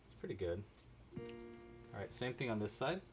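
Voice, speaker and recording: A man talks viewers through a crochet project on a casual livestream. His pitch swings widely as he narrates each step and tosses in playful asides. Faint music plays behind him. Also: sing-song, normal speed. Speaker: crochet instructor.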